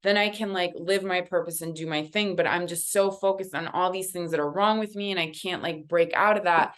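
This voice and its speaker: A weary young maiden pleads and complains, hungry for a cure for her pain, as a woman quotes her in a story. Her voice is lowish and exasperated and stays close to plain speech. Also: steady tone, a little fast, fairly bright tone, natural voice. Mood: pleading.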